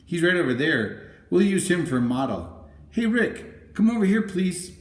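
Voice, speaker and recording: A man's voice: medium pitch, lively intonation, moderate pace, voice pushed up, natural voice. A man voicing a cheerful little girl who helps in a store, with an eager, chatty manner. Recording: roomy, echoey room.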